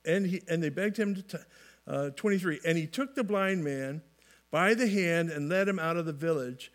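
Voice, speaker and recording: Man, high voice, folksy preacher, restarts phrases, light jokes, sermon delivery. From California. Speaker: pastor.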